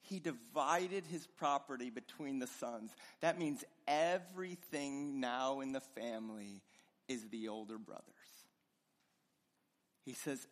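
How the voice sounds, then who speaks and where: A pastor preaching a sermon with passion, his voice swinging between loud and hushed. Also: mid-range voice, takes it slowly. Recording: long reverb of a large hall.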